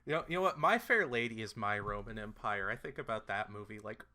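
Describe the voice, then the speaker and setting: A man's voice: lowish voice, animated, fast talker, sharp tone. A man co-hosting a podcast, casually recapping a film with lots of fillers and playful quoted voices. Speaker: podcast co-host. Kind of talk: casual movie recap chat.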